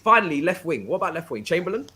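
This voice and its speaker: A man's voice: on the high side, big pitch swings, pushed and bright, a little hiss or hum. A man chatting casually and agreeably about football as a podcast co-host. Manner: quick, easygoing, agreeable.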